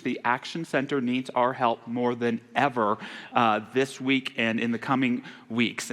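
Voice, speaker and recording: A man delivering a Sunday sermon as minister, earnest and turning hushed on sorrowful passages. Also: medium pitch. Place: church sanctuary. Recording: long hall reverb in a church.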